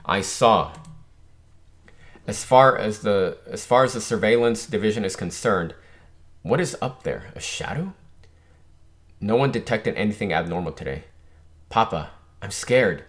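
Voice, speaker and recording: A man with a somewhat low voice reads a comic aloud for a reaction video. He keeps the character lines in his own plain voice. He often stops to comment casually and correct his own reading. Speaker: manga reaction channel host.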